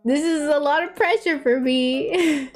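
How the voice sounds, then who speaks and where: A woman's voice: measured pace, soft background music. Chatty young woman streamer. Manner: chatty storytelling, laughs often, mimics relatives in a high voice. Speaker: vtuber streamer. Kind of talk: casual chat while drawing.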